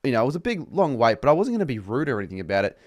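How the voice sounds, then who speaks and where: A young man with an Australian accent vents about work in a casual, profanity-laced rant. He sounds exasperated and mocking, and his voice sits at an ordinary middle pitch. The recording is dry, with little room sound. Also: sing-song, rapid-fire, no room sound. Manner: sweary, exasperated, mocking customers in put-on voices. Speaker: vlogger.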